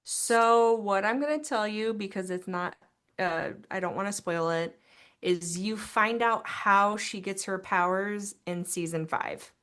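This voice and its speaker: A woman co-hosting a casual podcast, explaining TV plot points hesitantly, with frequent pauses and restarts. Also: medium pitch, fairly bright tone, smooth. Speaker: podcast co-host, daughter. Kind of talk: casual chat recapping a TV show.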